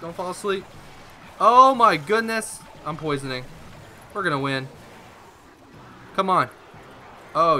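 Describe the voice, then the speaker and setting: A man's voice: mid-range voice, bright, forceful tone. A young man giving rambling, self-mocking live commentary while playing a mobile game. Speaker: gaming YouTuber.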